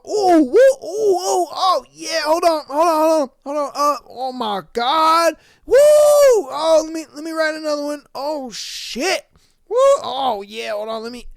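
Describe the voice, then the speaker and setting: Host doing a rowdy drunk guy whooping over his checkbook, high and loud. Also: vocal fry, dry recording, studio quality, heavily acted. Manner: hollering, whooping, breathless with glee. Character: drunk man gleefully writing checks at a strip club.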